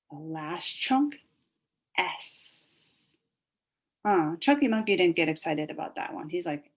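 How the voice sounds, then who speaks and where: A woman leads a phonics lesson for small children, sounding out each word slowly and drawing out its parts. Her pitch swoops up and down in a lively sing-song, and her voice has a soft, breathy edge. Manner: slow, sing-song and animated, stretching out sounds. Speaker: teacher.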